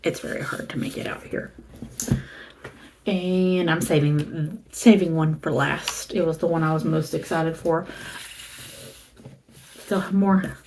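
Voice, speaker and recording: A woman's voice: deep voice, fairly even intonation, unhurried, pauses often, a little mellow, slight background noise. A middle-aged woman from the American South, chatting casually and rambling as she shows a used book haul and reads the titles aloud. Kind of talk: casual chat.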